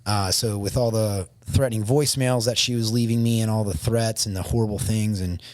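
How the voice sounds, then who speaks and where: A man, a podcast guest, shaken and emotional, telling his story haltingly with many restarts. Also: lowish voice, steady tone, dry recording, clean studio sound.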